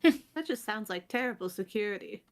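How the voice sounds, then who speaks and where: Sardonic woman player, lively pitch. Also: normal speed. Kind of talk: tabletop game play.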